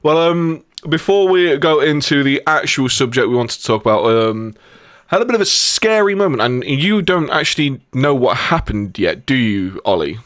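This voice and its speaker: A man's voice: mid-range voice, lively intonation, normal speed, a bit bright, dry recording, studio quality. Laid-back British man hosting a podcast. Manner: laughs often, rambling storyteller. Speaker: podcast host. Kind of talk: casual podcast chat.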